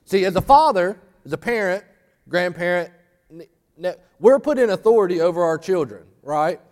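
A man's voice: high voice, lively intonation, moderate pace, a little mellow. A man preaching a sermon, telling a folksy story and rising to fervent emphasis. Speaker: pastor. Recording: long hall reverb.

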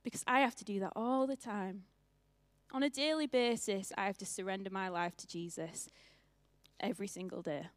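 A woman's voice: medium pitch, moderate pace, no echo. A young woman pastor with a northern English accent, giving a chatty, self-mocking sermon in church and laughing often.

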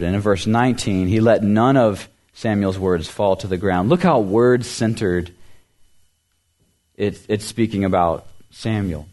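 Male pastor, lower voice, earnest sermon delivery, climbs on emphasis, drops soft at phrase ends. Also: unhurried. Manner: earnest preaching, rising emphasis then dropping to soft low endings; repeats words for emphasis.

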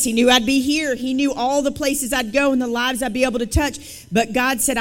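Higher-voiced woman giving a church testimony. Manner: lively storytelling, conversational and emphatic. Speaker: guest speaker and author. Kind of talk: testimony talk at a church service.

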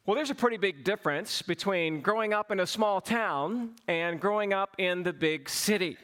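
A man's voice: high-pitched, expressive, normal speed, a bit bright. A middle-aged man with a Southern US accent from Georgia, preaching a sermon in a folksy, humorous storytelling manner. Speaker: pastor.

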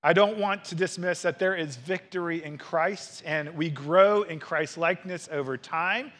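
Male pastor, 30s, high-pitched voice, earnest and expressive sermon delivery. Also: normal speed. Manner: earnest, expressive preaching with acted quotes.

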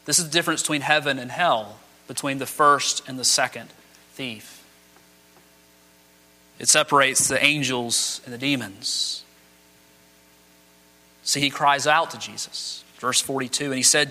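A man's voice: medium pitch, a little slow, long pauses, sharp tone. A man preaching a sermon as pastor, dramatic, acting out the quoted speech of the people in his text. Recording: long hall reverb.

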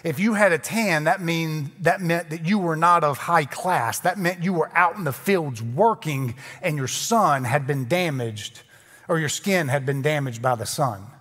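A man with a slightly high, slightly slow, somewhat bright voice preaches a sermon as a pastor. His style is conversational, joking and self-deprecating, and the recording carries a long hall reverb.

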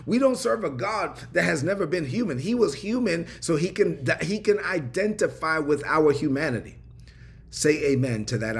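A male pastor in the middle of a livestreamed sermon. He preaches with fervent repetition and call-and-response urging. His voice sits a touch high for a man.

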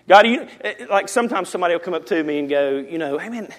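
A man preaching a sermon in a church, impassioned, swinging from loud emphasis down to hushed lines. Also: a little high, animated, fast talker. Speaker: pastor. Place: church sanctuary.

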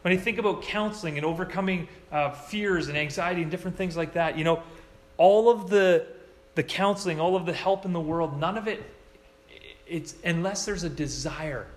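A man preaching a sermon in a church, telling stories with lively voices for the quoted lines. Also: normal speed, slight background noise. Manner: animated storytelling, acts out quoted lines in a higher voice. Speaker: pastor.

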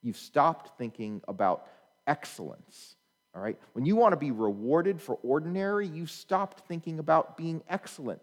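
A man preaching a sermon in a conversational way, checking in with listeners and telling humorous stories. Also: a little high. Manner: animated storyteller with humorous anecdotes. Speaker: pastor. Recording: long reverb in a large hall.

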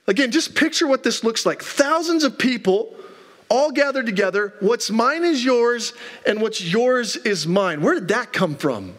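A man's voice: high-pitched, fairly bright tone. A man in his thirties, a pastor preaching a sermon in a church, telling stories in a conversational way with rhetorical questions. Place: church sanctuary.

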